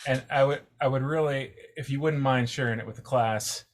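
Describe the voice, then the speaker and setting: A man's voice: mid-range voice, a little fast. A man co-hosting an interview, prompting the guest in a teasing, hesitant way. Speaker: podcast co-host. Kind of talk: casual interview chat.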